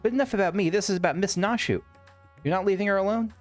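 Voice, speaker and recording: A man's voice: sits high, quick pace, soft background music, pitched above the performer's own voice, lightly acted. A man reading game dialogue aloud as a lovesick, devoted male admirer who watches from the shadows.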